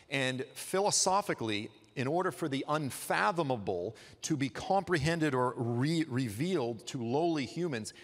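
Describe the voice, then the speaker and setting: A man's voice: medium pitch, fairly bright tone. Man preaching in a reverberant church hall. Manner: conversational, humorous storytelling. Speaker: guest preacher. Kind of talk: sermon.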